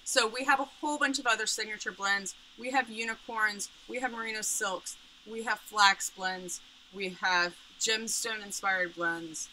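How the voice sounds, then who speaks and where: A woman's voice: medium pitch, steady tone, normal speed, sharp tone, slight background noise, poor audio. A woman who runs a yarn business, presenting her products and explaining each one, with frequent ums. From Pittsburgh area. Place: home studio, indoors.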